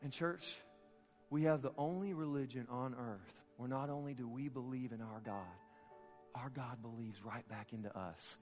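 A man's voice: mid-range voice, moderate pace. A man preaching a sermon, conversational and repetitive, rising to emphatic peaks. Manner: conversational, repeats words, rises to emphatic peaks. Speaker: pastor. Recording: reverberant hall with soft music.

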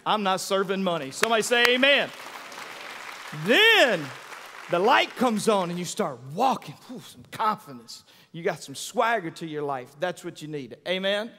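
High-voiced animated preacher in a hall. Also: male voice, measured pace, a faint crowd, a little hiss or hum. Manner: animated, preacherly call-and-response. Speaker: pastor. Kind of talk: sermon. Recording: long hall reverb.

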